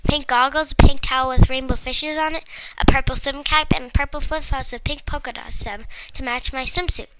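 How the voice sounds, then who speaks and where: A woman voicing a cheerful, chatty talking female guinea pig who exclaims excitedly in a storybook. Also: high voice, a little fast, slight background noise, rough recording. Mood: amazed.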